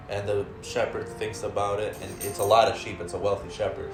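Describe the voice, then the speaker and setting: A man telling a folk tale to friends in a relaxed way, with fillers and laughs. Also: fairly low pitch, quick pace, echoey room, music in the background. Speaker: storyteller. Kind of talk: casual storytelling among friends.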